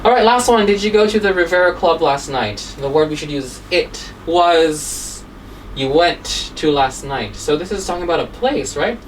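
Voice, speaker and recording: A woman's voice: low-pitched, animated, moderate pace. Woman teacher, distant mic, "okay?" tags. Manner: checks in constantly with "okay?" and "right?". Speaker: English teacher. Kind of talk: grammar lesson, explaining. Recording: distant mic with faint room noise.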